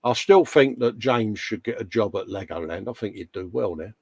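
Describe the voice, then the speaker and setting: A man's voice: on the low side, expressive, moderate pace, a little mellow, breathy edge. A middle-aged English man co-hosting a casual live chat, jokey and full of friendly slang, calling everyone mate. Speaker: co-host.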